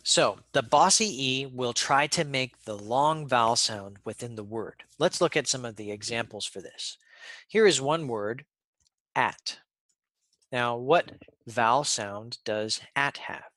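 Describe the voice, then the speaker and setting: Slow, deliberate male teacher. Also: medium pitch, animated, fairly bright tone, no echo. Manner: deliberate, repeats sounds for learners. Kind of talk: pronunciation lesson.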